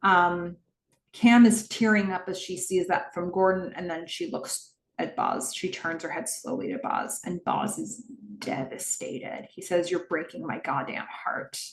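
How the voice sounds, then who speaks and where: A woman's voice: on the low side, expressive, unhurried, reverberant. A woman hosting a podcast, recapping a TV episode scene by scene in the present tense and voicing the characters' lines as she goes. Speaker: podcast host.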